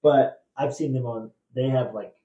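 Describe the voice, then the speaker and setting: Mellow trivia host, distant roomy mic. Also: medium pitch, steady tone, normal speed, lo-fi sound. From Indiana, USA. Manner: rambling, laughing storyteller. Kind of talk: casual podcast chat.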